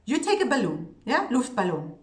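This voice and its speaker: A woman's voice: on the high side, wildly swooping pitch, normal speed. Woman coaching singers in an echoey room. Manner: earnest, coaching, checks in with "okay?" and "yeah?". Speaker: singing teacher. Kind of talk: voice lesson.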